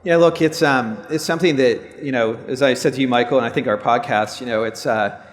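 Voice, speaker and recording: On stage at a large stadium event, a man in his fifties who owns a law firm sits on a live panel, speaking fairly quickly at medium pitch. Earnest and reflective, he opens up about personal matters, and the sound is that of a big room.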